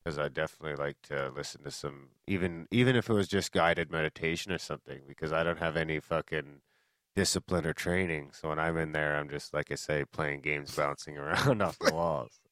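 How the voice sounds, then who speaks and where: A man with a very low voice co-hosts a podcast in loose, casual chat. He jokes and swears freely, riffing on his partner's words. The sound is close and dry, with no room around it. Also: fairly even intonation, a little fast, fairly bright tone, dry recording. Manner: joking, profane banter. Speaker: podcast co-host.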